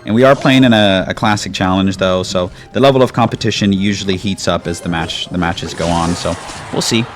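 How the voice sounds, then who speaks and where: Laid-back low-voiced man commenting on gameplay. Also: brisk. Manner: laid-back, chatty, says "like" a lot. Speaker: gaming YouTuber. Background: game music.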